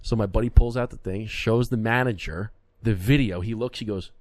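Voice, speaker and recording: A man in his thirties with a lowish voice co-hosts a podcast from a studio, speaking at normal speed in a dry recording. In casual chat he tells an animated story, acting out the voices of the other people in it.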